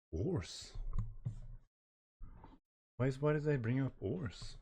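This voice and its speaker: A man hosting a reaction video, reading a comic aloud with excitable, self-mocking asides. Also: medium pitch, breathy edge. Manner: excitable, laughs at himself, quick asides. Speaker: reaction channel host.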